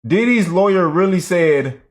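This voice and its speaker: A man's voice: sits high, animated, unhurried. Guy reacting to clips, chatty and laughing, voice jumps all over. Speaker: reaction host. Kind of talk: casual reaction commentary.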